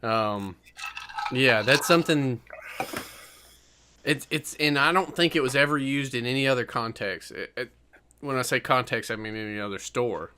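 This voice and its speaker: A man's voice: medium pitch, moderate pace, pauses often, sharp tone, clear, resonant tone. A man co-hosting a podcast in casual chat, rambling and hedging with lots of fillers. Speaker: podcast co-host.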